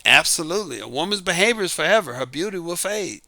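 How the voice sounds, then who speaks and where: A man's voice: fairly high pitch, lively intonation, fast, gravelly, pushed and bright, no room sound. A middle-aged man talking casually about dating, emphatic and full of rhetorical questions. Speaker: dating advice talker. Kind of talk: casual monologue.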